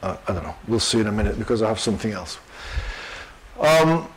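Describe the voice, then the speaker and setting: An older man giving a university lecture, animated and full of fillers. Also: on the low side, fairly quick, a little hiss or hum, rough recording. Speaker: guest lecturer.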